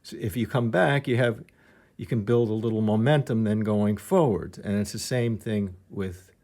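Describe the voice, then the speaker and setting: A man's voice: lowish voice, normal speed, a little mellow, slight background noise. A man teaching piano technique, explaining patiently and thinking aloud, with some restarts as he demonstrates.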